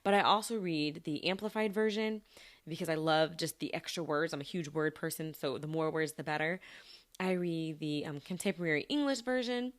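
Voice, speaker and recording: Brief: female podcast host, lower-leaning voice, casual chatty delivery with frequent laughs. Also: moderate pace. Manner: chatty, laughs often between thoughts; talks to listeners directly. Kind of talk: casual personal chat.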